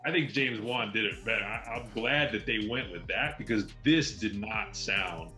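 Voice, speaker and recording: A man's voice: lowish voice, moderate pace, sharp tone, roomy sound, faint music behind. A man co-hosting a film podcast, giving long, enthusiastic explanations in casual chat.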